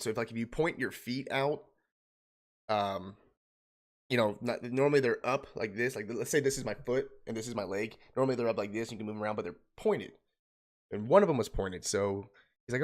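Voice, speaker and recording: A young man streaming from home, telling an emotional personal story in a halting way, holding back tears. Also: lowish voice. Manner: halting, restarting, choked up.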